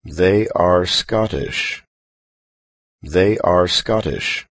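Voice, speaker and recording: A man reading short phrases aloud in a slow drill, saying each one twice with care. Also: low-pitched, a bit bright, no room sound. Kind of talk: slow repeat-after-me drill.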